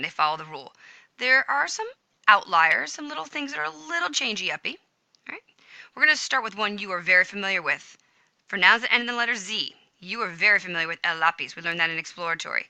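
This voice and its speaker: A woman's voice: lowish voice, pushed and bright, no echo, poor audio. A woman teacher walking students through Spanish grammar notes on screen, upbeat and chatty, catching and fixing her own slips. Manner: upbeat, chatty, self-correcting. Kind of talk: screen-recorded grammar lesson. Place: home room with a smart speaker.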